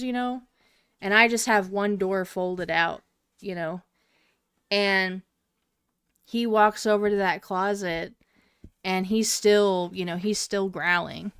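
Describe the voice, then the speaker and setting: A woman in her twenties co-hosts a podcast, her medium-pitched voice clear and resonant in a dry, clean studio recording. She tells a story casually and meanderingly, full of swearing and filler words.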